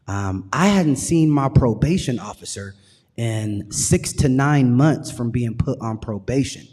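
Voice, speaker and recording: A man sharing his recovery story on stage, earnest and measured, with passion underneath. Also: mid-range voice, lively intonation, a little mellow. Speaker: guest speaker. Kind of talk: personal testimony. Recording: long hall reverb.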